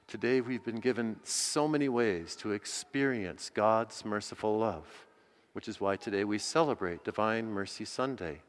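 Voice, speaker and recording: A man with a low-pitched voice preaches a sermon as a priest, earnest and measured. He slows down to stress each key phrase. His voice rings with the long reverb of a church hall.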